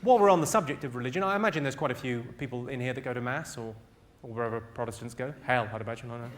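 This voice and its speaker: A man doing stand-up comedy on stage, firing off deadpan one-liners and teasing audience members in a large theatre. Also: mid-range voice, very fast. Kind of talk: stand-up comedy roast with crowd work. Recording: loud laughing crowd, live noise.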